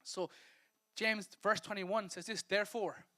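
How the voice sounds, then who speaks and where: An Irish man preaching a lively, conversational sermon as a pastor, joking and acting out little scenes. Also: high-pitched, measured pace. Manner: lively, conversational preaching that acts out quotes and laughs at himself. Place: church service.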